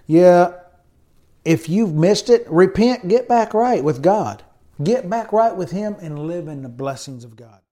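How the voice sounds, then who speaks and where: This pastor, an adult with a college degree, preaches a little slowly in a high, dark-toned voice with lively intonation. His emphatic sermon is punctuated by frequent amens and hallelujahs.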